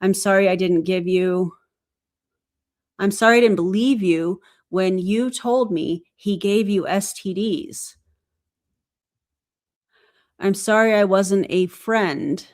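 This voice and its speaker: A woman's voice: mid-range voice, slow pace, pauses often, a little mellow. A woman hosting a live stream who earnestly reads out text messages and comments on them.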